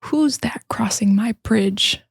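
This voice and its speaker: A woman voicing a hungry troll under a bridge, asking slowly who is crossing. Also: fairly high pitch, creaky, breathy edge, dry recording, clean studio sound, full character voice. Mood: menacing. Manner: slow, drawn-out questioning.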